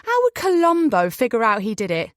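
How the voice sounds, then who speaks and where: A woman's voice: fairly high pitch, wildly swooping pitch, brisk, fairly bright tone, dry recording, studio quality. A woman voicing a wry, teasing young woman on holiday, in an audiobook.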